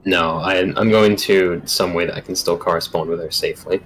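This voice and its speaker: A man's voice: low voice, fairly even intonation, a little fast, fairly bright tone, a little hiss or hum, rough recording. A man taking part as a player in a tabletop role-playing game, speaking casually and earnestly.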